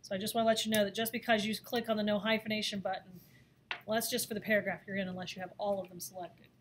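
A woman teaching a design software lesson, talking through each step in a chatty way with frequent fillers. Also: mid-range voice, flat delivery, quick pace, a little hiss or hum. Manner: chatty, thinks aloud with fillers. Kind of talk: screen-recorded software lesson.

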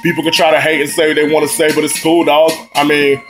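A man's voice: fairly high pitch, level tone, quick pace, music in the background. A man casually introducing his own rap track, talking in a loose, slangy, laid-back way. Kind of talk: casual spoken intro and outro to a rap video.

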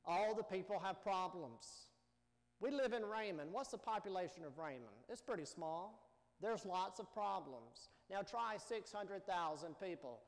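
A pastor giving a Sunday sermon in a measured, emphatic preaching manner full of rhetorical questions. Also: male voice, high voice, lively intonation. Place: church sanctuary. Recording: long church reverb.

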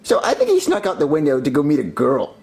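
A woman's voice: low-pitched, huge pitch swings, quick pace, darkish tone, exaggerated voice. A woman voicing a whiny, tattling young boy in a comedy puppet video, childish and bratty. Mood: chatty. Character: bratty young boy playing with toy cars.

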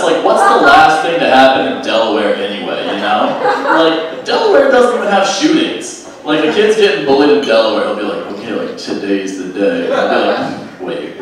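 Young man, stand-up comedian, offhand rambling delivery, very echoey distant club sound, heavy noise. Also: mid-range voice. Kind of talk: stand-up set. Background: audience laughter.

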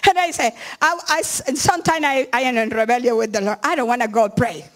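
A high-voiced, middle-aged woman pastor preaches earnestly in English, which is not her native language, stumbling and restarting often.

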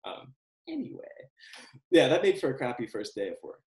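A man in a relaxed interview answers at length, circling back and restarting his thoughts. His voice sits at an ordinary middle pitch and carries a noticeable roomy echo, as if he is talking into a video call from a bare room. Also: moderate pace. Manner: rambling, self-correcting, laughs often. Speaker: screenwriter guest.

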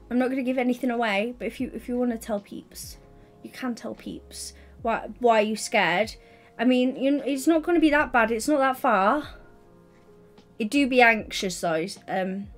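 A young woman chatting casually to her livestream audience, giddy and bubbly but tired and yawning, on a headset mic. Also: fairly high pitch. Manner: giddy, bubbly and chatty, quick asides to chat.

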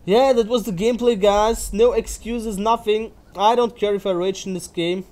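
High-voiced man ranting over gameplay. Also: steady tone, normal speed, darkish tone. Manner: angry ranting, heavy swearing. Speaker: gamer commenting on his own match. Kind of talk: gameplay commentary.

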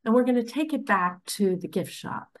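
A woman's voice: on the high side, animated, moderate pace, lightly acted. A woman quoting a firm, insistent husband. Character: insistent husband, calm adult man.

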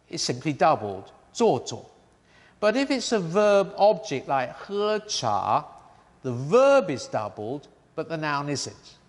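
A man teaching a grammar lesson, explaining slowly and deliberately and reading out example sentences. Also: on the high side, in a large hall. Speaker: Chinese language teacher.

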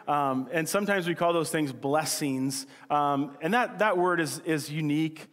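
Joking pastor preaching in an echoing hall. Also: male voice, fairly high pitch, fairly bright tone. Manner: casual, joking and chatty, with quick acted-out asides. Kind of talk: sermon. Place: church hall. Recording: church hall with long reverb.

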